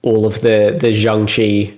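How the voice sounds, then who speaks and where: Laid-back low-voiced man agreeing along. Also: completely flat delivery, a little slow, darkish tone. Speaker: podcast co-host. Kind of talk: casual comic book discussion.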